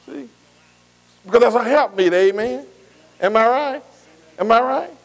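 A man's voice: very high voice, a little slow, creaky, rough recording. A man preaching a sermon, repeating phrases and calling out to the congregation. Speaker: pastor.

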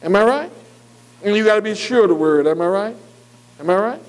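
A preacher with a notably high voice delivers a call-and-response sermon. He keeps stopping to ask his listeners if they agree. He slows right down when he reads scripture aloud. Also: expressive, low-quality recording. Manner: repeatedly asks "am I right?"; reads scripture slowly and deliberately.

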